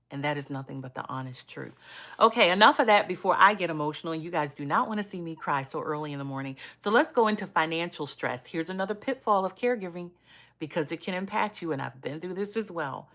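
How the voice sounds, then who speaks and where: A woman's voice: low-pitched, fairly quick. A middle-aged woman, a caregiver coach, talking earnestly and personally on a live stream, often checking in with "right?".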